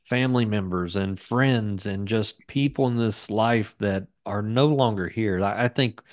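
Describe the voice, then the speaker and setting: A man's voice: on the low side, unhurried, no room sound, studio quality. A man in his forties, a podcast guest, who speaks in an earnest, reflective way with many fillers. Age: 40s. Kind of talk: reflective conversation.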